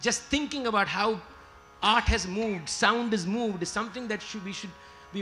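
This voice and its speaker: A man's voice: high voice, normal speed, bright, forceful tone, slight background noise. A man giving an emphatic lecture-demonstration on music, explaining and stopping to sing short examples. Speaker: lecturer and singer. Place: lecture hall with live musicians.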